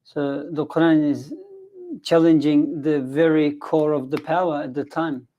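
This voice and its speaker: Higher-voiced man explaining conversationally. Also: level tone, unhurried, highs cut off. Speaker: Quran teacher. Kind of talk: scholarly study discussion.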